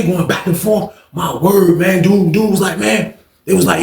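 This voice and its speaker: A man with a high, gravelly voice tells a story in loose slang. He acts out each person he talks about, and his voice echoes around the room. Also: a little fast, a little mellow. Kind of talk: casual storytelling.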